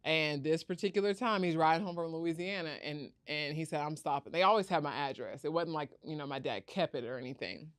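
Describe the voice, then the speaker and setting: A woman's voice: low voice, a little fast, few pauses, no echo. A young adult woman, a startup founder telling her story in an interview and acting out the voices of others. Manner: animated, acts out quoted voices.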